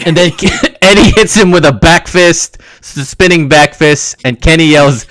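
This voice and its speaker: On a casual wrestling recap podcast, this co-host laughs and rambles through his retelling of the matches. His voice is a little high, a bit bright and smooth, his pace unhurried, and there's no echo.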